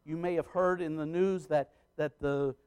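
A man pastor preaching an impassioned sermon that swings between loud outbursts and quiet asides. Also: fairly high pitch, steady tone, normal speed, clear, resonant tone.

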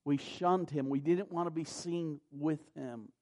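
A man preaching a sermon, moving from quiet, slow scripture reading to loud, impassioned preaching. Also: on the high side, fairly even intonation. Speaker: pastor.

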